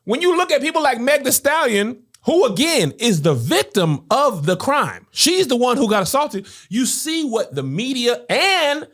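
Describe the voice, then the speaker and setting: A woman's voice: a little high, sing-song, normal speed, few pauses. A woman podcast host in casual discussion, arguing her points with rhetorical questions. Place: podcast studio.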